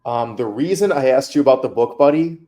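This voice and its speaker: A man's voice: mid-range voice, fairly quick, warm tone. A man coaching a student through feedback on her mock interview, candid and casual.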